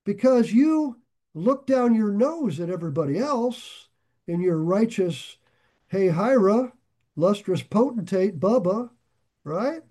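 A man preaching a sermon in an earnest, conversational way, with sarcastic asides and sudden swings between loud emphasis and quiet drops. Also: sits high, lively intonation, slow pace. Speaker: pastor.

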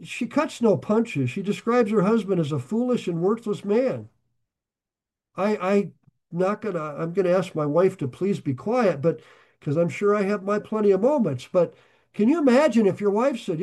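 Casual preacher, male, high voice, reads verse then riffs on it with jokes. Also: animated, measured pace, a little mellow. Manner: reads scripture aloud, then explains it in a loose joking aside. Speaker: Bible teacher. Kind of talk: conversational Bible study sermon.

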